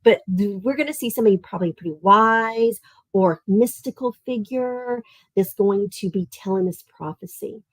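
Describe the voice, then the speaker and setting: A woman's voice: mid-range voice, no room sound, rough recording. Southern Tennessee woman, friendly online teacher for kids' lit camp, chatty, dry close sound. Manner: chatty and animated, asks kids questions, reads verse slowly and rhythmically. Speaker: teacher leading an online summer literature camp. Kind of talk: live online lesson for children.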